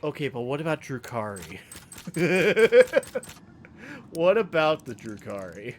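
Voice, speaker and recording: A man's voice: mid-range voice, animated, moderate pace, a little hiss or hum. A man streaming a video game, chatting casually and jokingly with his viewers in a rambling way. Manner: rambling, joking, reacting to chat.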